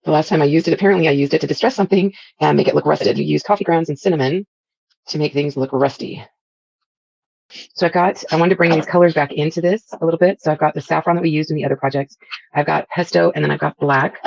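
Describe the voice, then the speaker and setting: A woman's voice: deep voice, fairly even intonation, quick pace, gravelly, a little mellow, no room sound, lo-fi sound. A woman vlogger chatting casually as she walks through a crafting project step by step, with frequent fillers.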